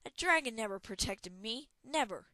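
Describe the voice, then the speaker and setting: A woman's voice: medium pitch, normal speed, no echo, natural voice. Lady reading as a snappy young cleric girl, defiant, scared underneath, dry sound. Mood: angry. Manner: sharp and defiant. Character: young woman cleric, defiant, angry and frightened.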